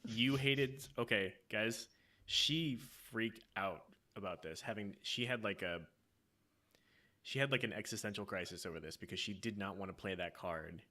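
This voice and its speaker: Man, podcast co-host, casual chat, bright tone, fills in backstory. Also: lowish voice, normal speed. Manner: chimes in with short agreements, gives context to listeners.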